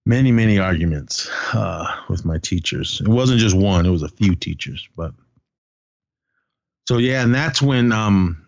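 A man's voice: fairly low pitch, animated, a little slow, vocal fry, dry recording, dull audio. A man co-hosting a casual film podcast, retelling a story in a rambling way with many fillers. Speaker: podcast co-host.

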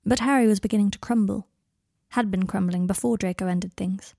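A woman narrating a fan fiction audiobook with soft, expressive, intimate storytelling. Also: medium pitch, fairly quick, vocal fry, dry recording, clean studio sound.

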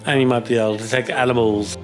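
A man's voice: medium pitch, racing, soft background music. A man co-hosting a science show, joking and punning playfully. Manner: jokey, animated, punning. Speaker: co-host. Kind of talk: playful radio chat.

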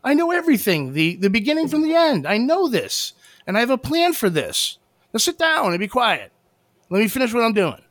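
A man's voice: very high voice, wildly swooping pitch, brisk, a bit bright, no room sound, pitched above the performer's own voice, heavily acted. A man voicing God as a stern but loving father who scolds and reassures. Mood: firm scolding. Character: stern fatherly God, male, all-knowing.

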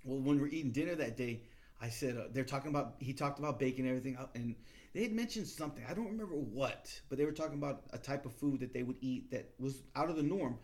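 A man telling travel stories in casual chat, animated and acting out the people he quotes. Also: mid-range voice, fast talker. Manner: animated storytelling, acts out quoted voices.

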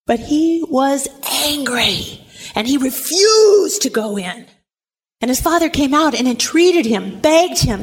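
A woman delivers a sermon in a high voice. She tells the parable vividly and acts out the characters' voices as she goes. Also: takes it slowly. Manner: animated storytelling, acting out voices. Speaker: preacher.

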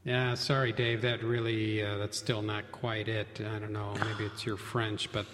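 A man's voice: fairly low pitch, flat delivery, a little slow, noisy background. A man co-hosting a podcast in casual banter, teasing his partner and joking around. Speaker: podcast co-host.

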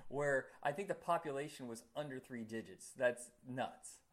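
A man in relaxed conversation on a podcast. He rambles with plenty of fillers and laughs readily. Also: mid-range voice, moderate pace. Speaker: podcast co-host. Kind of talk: casual chat.

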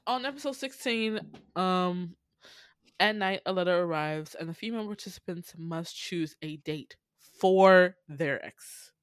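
A woman casually recapping a dating show on a podcast, animated, laughing and playfully exasperated as she tells it. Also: on the low side, unhurried, clear, resonant tone, no room sound. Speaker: podcast host.

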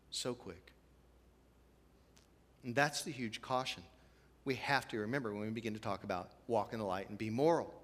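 Pastor guy giving a chatty sermon, lots of "you know", bright sharp voice, long church-hall echo. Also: mid-range voice. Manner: chatty, self-deprecating, frequent "you know" asides. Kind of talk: conversational sermon.

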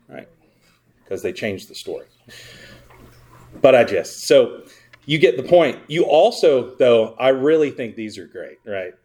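This pastor's sermon comes at a slow, sing-song pace at medium pitch, broken by frequent pauses. Sarcastic rhetorical questions go out to the congregation, and his volume lurches between loud emphasis and hushed asides.

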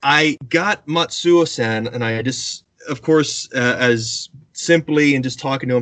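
Male storyteller, animated, close dry sound, acts out quotes. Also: medium pitch, measured pace, hardly any pauses, dry recording. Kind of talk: casual anecdote telling.

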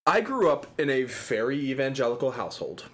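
A man in casual podcast chat, laid-back and dryly teasing. His pitch moves a lot as he tells stories, and he swears freely. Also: very animated, a little fast, fairly bright tone. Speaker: podcast co-host.

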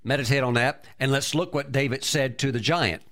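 A man's voice: medium pitch, a little fast, a bit bright. A man preaching a sermon, emphatic, breaking into exclamations of praise and often repeating and restarting his words.

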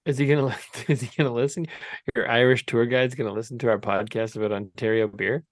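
A man's voice: medium pitch, steady tone, no room sound. Playful teasing man hosting, dry mic. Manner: playful, teasing, quick to laugh. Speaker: podcast host. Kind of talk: casual chat. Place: podcast studio.

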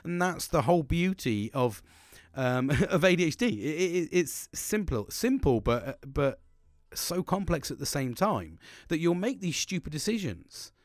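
A man's voice: medium pitch, no echo, clean studio sound. A man, talking candidly in a podcast monologue, rambling with frequent restarts and heavy swearing. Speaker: podcast host.

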